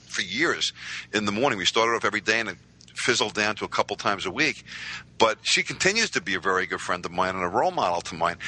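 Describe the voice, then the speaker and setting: A man, telling stories as a podcast guest with lively voiced quotes. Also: lowish voice, a little hiss or hum, low-quality recording. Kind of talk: casual storytelling.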